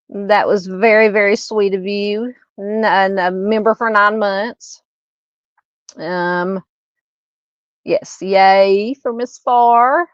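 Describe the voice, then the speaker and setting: A woman's voice: mid-range voice, dry recording, dull audio. A woman hosting a true crime livestream, chatting with viewers by name and laughing at her own fumbles before reading a case. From Southern United States.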